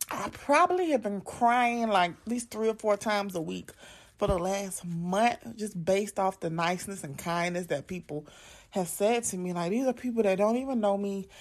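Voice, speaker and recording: A woman's voice: mid-range voice, darkish tone. Young woman talking straight to camera, emphatic, lots of "like" and "right?". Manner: emphatic, repeats "like" and "right?" often. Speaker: content creator and podcast host. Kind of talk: casual direct-to-camera monologue.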